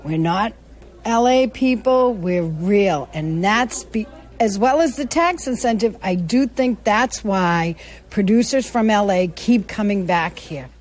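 Emphatic casting director. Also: female voice, mid-range voice, lively intonation, measured pace, a little mellow. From Boston.

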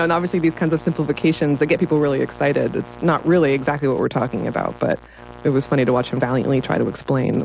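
A woman's voice: very deep voice, fairly even intonation, quick pace, gravelly, darkish tone, faint music behind, poor audio. A woman writer talking as a guest in a casual interview, enthusiastic and often breaking into laughter.

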